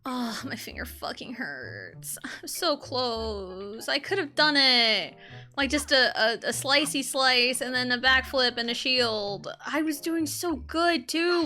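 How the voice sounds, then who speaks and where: Bright, lively woman streamer chatting. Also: high voice, slow. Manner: chatty and expressive, many fillers like "um" and "like"; talks aside to her young child while playing. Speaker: game streamer. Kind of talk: casual gameplay commentary.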